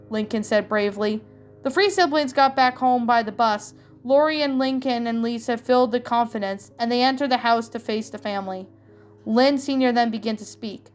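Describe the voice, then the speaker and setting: A woman narrating a fan-written story, fairly high-voiced and steady. she reads evenly and stumbles now and then. soft music plays faintly underneath. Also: moderate pace. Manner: plain, even reading with small slips. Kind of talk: storybook reading.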